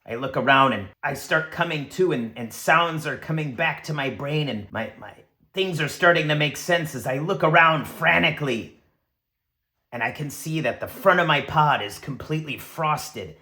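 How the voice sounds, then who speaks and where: A man narrating his solo tabletop game, excitable and acting scenes out with sound effects and shouted lines. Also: mid-range voice. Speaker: game master and solo player.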